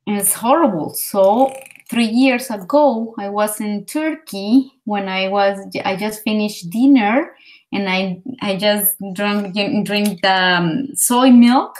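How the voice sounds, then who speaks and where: A Colombian woman, a native Spanish speaker with a Colombian accent, is practicing conversation as a language learner. She tells an animated story full of fillers in a slow, mid-range voice, and the recording sounds rough.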